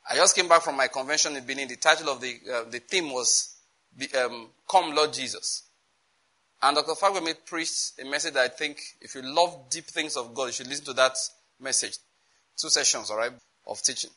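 In poor audio, a medium-pitched preacher teaching about prayer speaks emphatically, often making sure the congregation gets his point. When he reads scripture, he does so slowly and loudly.

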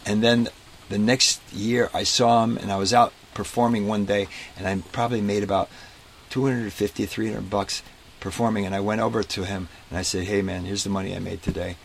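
A man being interviewed about his life as a street performer, telling stories in a relaxed, casual way and acting out the people in them. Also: fairly low pitch, moderate pace, slight background noise. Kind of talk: casual storytelling. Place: inside a parked vintage bus.

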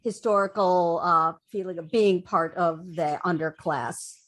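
A woman's voice: lowish voice, a little slow, fairly bright tone. A woman on a discussion panel, working through her thought with fillers. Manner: searching, filler-laden. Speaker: podcast panelist. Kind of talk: casual discussion.

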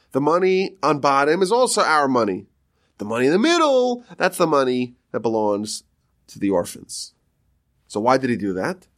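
A man, a rabbi, teaching a Talmud story with animated storytelling and quoted voices. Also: medium pitch.

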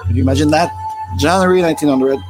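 Host, 40s, French-Canadian, Quebec French accent, rambling with fillers, soft music underneath. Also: male voice, fairly high pitch, fast. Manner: rambling, many fillers and restarts. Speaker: livestream host. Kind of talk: rambling live-stream talk.

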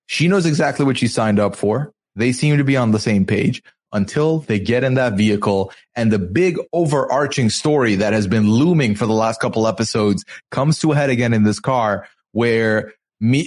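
Male host, mid-pitched voice, lively storytelling recap, performs quotes. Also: normal speed, hardly any pauses. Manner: animated storyteller, acts out quotes. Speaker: podcast host. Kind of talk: casual recap chat.

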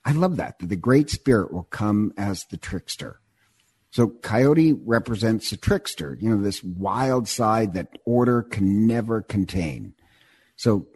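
A man in casual conversation, retelling a myth in an animated, digressive way and often repeating words as he goes. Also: on the low side, breathy edge.

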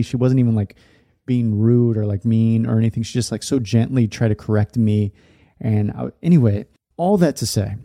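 A man's voice: mid-range voice, dark tone, no room sound, clean studio sound. A man in his thirties, a podcast host, candidly telling a personal story in a loose, rambling way full of fillers. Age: 30s.

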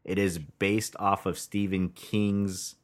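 Low-voiced man chatting about shows. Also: little pitch movement, slow. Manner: laughs often, profane, chatty with hesitations. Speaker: podcast co-host. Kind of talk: casual movie review chat.

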